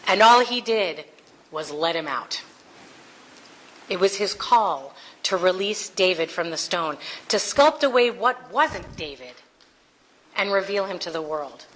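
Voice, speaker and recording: A woman's voice: lowish voice, animated, unhurried, fairly bright tone, a little hiss or hum, low-quality recording. A woman preaching a conversational Sunday sermon, earnest with playful asides. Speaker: minister.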